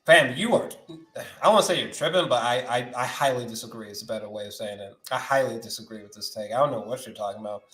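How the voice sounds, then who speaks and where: A man's voice: mid-range voice, fast, a bit bright, echoey room, soft background music, poor audio. A young man hosting a movie news stream, ranting in a loose, slangy, profane way, his voice leaping up when he gets worked up. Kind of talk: animated live-stream rant.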